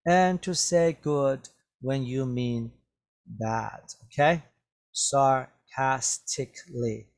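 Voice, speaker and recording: A man teaching an English vocabulary lesson, explaining words slowly and checking in with "okay?" after almost every phrase. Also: mid-range voice, animated, a little mellow. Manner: repetitive, drawn-out explanations with many "okay?" checks. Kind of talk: slow classroom vocabulary lesson.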